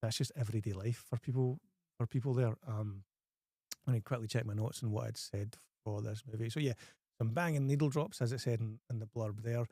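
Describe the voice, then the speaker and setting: A man's voice: mid-range voice, brisk, no echo, studio quality. Scottish man chatting about films. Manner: animated, often restarts phrases. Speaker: host. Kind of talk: casual film review chat.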